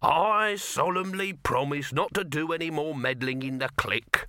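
A man's voice: fairly high pitch, normal speed, pushed and bright, clear, resonant tone, no echo, studio quality, pitched above the performer's own voice. A man voicing a scheming middle-aged male huckster who dodges and wheedles, in an audiobook reading. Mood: evasive.

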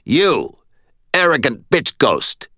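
A man voicing a gruff, irritable middle-aged male medium with a croaky, blunt way of talking, in an audiobook reading. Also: mid-range voice, sing-song, takes it slowly, bright, forceful tone, dry recording, clean studio sound, pitched above the performer's own voice, exaggerated voice. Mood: defiant.

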